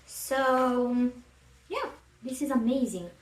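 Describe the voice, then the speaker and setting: A woman's voice: sits high, slow. A woman vlogging as she cooks at home, chatty and self-deprecating, thinking aloud as she works. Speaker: cooking vlogger. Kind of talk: casual cooking chat. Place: home kitchen. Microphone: camera at a distance, face out of frame. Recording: roomy kitchen, mic far off, faint noise.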